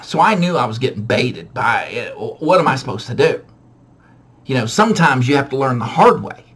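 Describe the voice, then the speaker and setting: A man tells a childhood tale in a loose, self-mocking way, often restarting his sentences. His voice is a bit husky, and his pitch swings up and down in a lively way. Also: normal speed. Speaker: storyteller. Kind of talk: casual personal storytelling.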